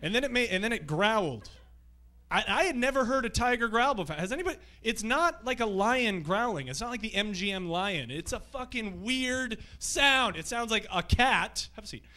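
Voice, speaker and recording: A man working through a stand-up set at a comedy club, his voice bright and a touch higher than most men's. He rambles loosely through his stories and swears freely. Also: expressive, moderate pace. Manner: loose, profane, rambling storytelling.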